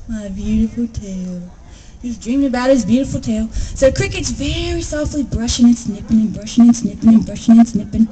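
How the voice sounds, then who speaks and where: A woman telling a traditional animal folk tale aloud in a lively, expressive way, with sighs, gasps and drum sounds. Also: on the high side, brisk, few pauses, a little hiss or hum, poor audio. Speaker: storyteller. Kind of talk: oral folk tale storytelling.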